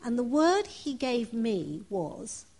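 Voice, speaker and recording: A woman's voice: a little high, sing-song, slow. A woman preaching a sermon, reading scripture and then telling her own story in an earnest, personal way. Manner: earnest, personal, with soft laughs.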